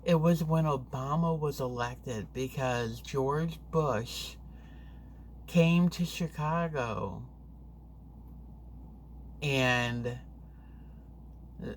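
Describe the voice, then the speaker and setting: A woman vlogger telling a story to camera in a chatty, rambling, animated way. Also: rumbling low, extremely slow, long pauses, a little hiss or hum.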